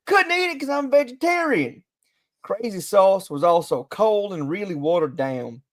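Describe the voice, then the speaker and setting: A man's voice: a little high, expressive, fairly quick, darkish tone, dry recording, close to an everyday voice. A man voicing a woman customer as he reads aloud her complaint about bad service. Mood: complaining. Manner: complaining, reading a review aloud. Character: grumpy woman customer with a put-on accent.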